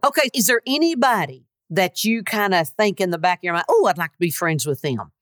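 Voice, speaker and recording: A woman's voice: lowish voice, animated, brisk, no echo, clean studio sound. A woman co-hosting a talk show, chatting in an easygoing, complimentary way. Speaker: co-host. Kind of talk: casual chat.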